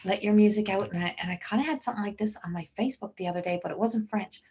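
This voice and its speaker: Woman, psychic medium on a live stream, middle pitch, rambling relayed messages. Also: rapid-fire, darkish tone, slightly rough. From Newfoundland, Canada.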